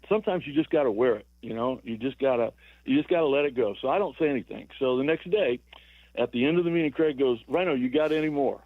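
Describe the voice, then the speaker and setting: On a tinny, dry phone line with no room sound, a man in his sixties, once a baseball player, tells rambling stories to a sports radio show. He repeats words and chuckles, speaking at a medium pitch.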